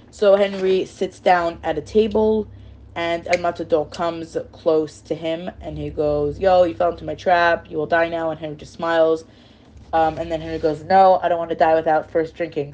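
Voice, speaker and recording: A woman retells chapters of a novel in a loose, casual way. She rambles and keeps correcting herself. Her voice sits slightly low. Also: warm tone. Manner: rambling, with fillers and self-corrections. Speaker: storyteller.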